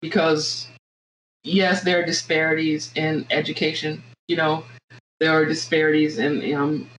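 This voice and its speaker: A woman with a Southern American accent, a podcast guest talking things through in a reflective, halting way with many restarts. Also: deep voice, flat delivery, fairly bright tone, a little hiss or hum, low-quality recording. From Southern United States. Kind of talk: casual podcast conversation.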